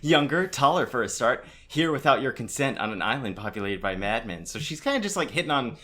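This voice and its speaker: Man, bright tone, lively pitch, animated podcast chat, laughs often. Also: a little fast. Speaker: podcast co-host. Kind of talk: casual chat.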